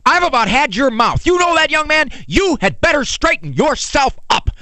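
A man's voice: extremely high pitch, sing-song, moderate pace, sharp tone, dry recording, pitched above the performer's own voice, heavily acted. A man playing a furious scolding father. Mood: angry scolding. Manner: ranting, rising, accusatory.

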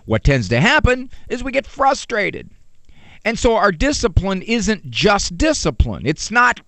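Animated, high-voiced joking man. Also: measured pace, no room sound. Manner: animated, joking asides, rhetorical questions. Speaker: parenting speaker. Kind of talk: humorous parenting talk.

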